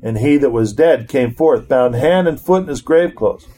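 A man's voice: mid-range voice, expressive, moderate pace, warm tone. A middle-aged man leading an informal Bible study, reading verses aloud and then commenting on them in a conversational way.

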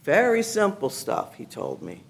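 Animated, enthusiastic woman giving testimony. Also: mid-range voice, a little slow, vocal fry. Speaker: church member giving testimony. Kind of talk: personal testimony to a congregation. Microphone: handheld mic at a gathering.

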